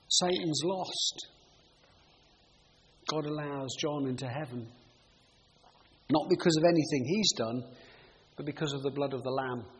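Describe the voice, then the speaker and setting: A middle-aged man preaching a sermon, telling stories in a lively way and shifting his volume for emphasis. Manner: animated storytelling, shifting pitch and volume for emphasis. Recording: reverberant hall with faint noise.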